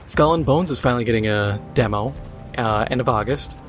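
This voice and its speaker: A man's voice: medium pitch, brisk, soft background music. A man hosting a gaming video, chatting casually and sarcastically ranting while he plays.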